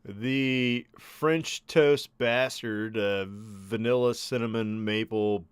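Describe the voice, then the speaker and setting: Laid-back man with a smooth low voice. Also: slow, dry recording. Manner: laid-back, chuckling, lots of uh fillers. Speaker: podcast co-host. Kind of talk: casual podcast banter.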